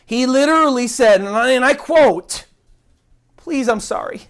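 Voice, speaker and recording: A woman's voice: high-pitched, a little slow. A woman giving an earnest online Bible teaching, indignant and emphatic, repeating words for stress.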